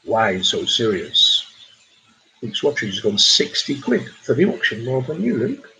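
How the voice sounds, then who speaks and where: A man with a husky, slightly rough voice hosts a charity pub quiz over a livestream. He chats easily and reads viewers' messages aloud between questions. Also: mid-range voice, sing-song, normal speed, bright, forceful tone, rough recording. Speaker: quiz host.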